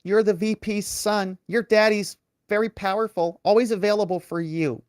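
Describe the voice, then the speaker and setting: A man's voice: sits high, steady tone, normal speed, smooth, no echo, studio quality, pitched above the performer's own voice, close to an everyday voice. A man mocking a fawning, syrupy male staffer.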